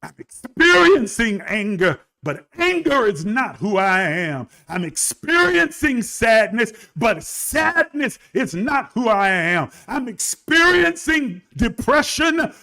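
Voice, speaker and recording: A man preaching a livestreamed sermon, building from low talk to shouted emphasis and calling on listeners to respond. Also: sing-song, slow, creaky, hardly any pauses. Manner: calls on online listeners to respond.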